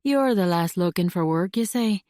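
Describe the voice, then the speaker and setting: A kindly bearded shopkeeper with a soft Scottish lilt, voiced by a woman narrator. He speaks gently, in a low, mellow voice, recorded close and dry. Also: expressive, normal speed, no echo, close to an everyday voice.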